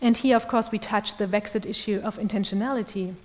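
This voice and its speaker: A woman giving an academic lecture, reading in a measured, precise way. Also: mid-range voice, fairly even intonation, darkish tone. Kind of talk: academic lecture read from a script. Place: lecture hall. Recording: long reverb of a lecture hall.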